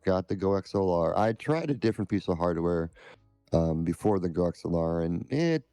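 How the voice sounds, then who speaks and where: A man with a very low, mellow voice answers interview questions slowly and haltingly. His tone is smooth and resonant, and it is recorded dry and close. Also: no echo. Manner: halting, measured. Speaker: scam-baiting streamer, guest.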